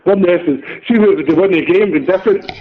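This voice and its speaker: A man's voice: high voice, fairly quick, crowd noise. A Scottish man in casual football chat, sweary and rambling, tagging lines with "right?". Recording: dull lo-fi recording.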